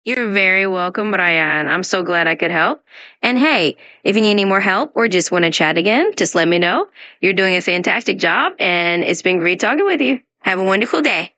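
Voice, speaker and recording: A woman's voice: medium pitch, lively intonation, moderate pace, pushed and bright, dry recording. A synthetic woman's voice acting as an AI English tutor, upbeat and encouraging as she answers questions and gives pronunciation tips. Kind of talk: scripted conversation practice.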